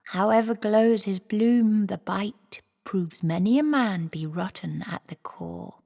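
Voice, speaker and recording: A woman voicing a solemn young boy reciting verse slowly and grandly, in a long-reverb hall recording. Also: mid-range voice, gravelly, mellow, pitched above the performer's own voice. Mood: ominous. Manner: declaiming, slow and grand.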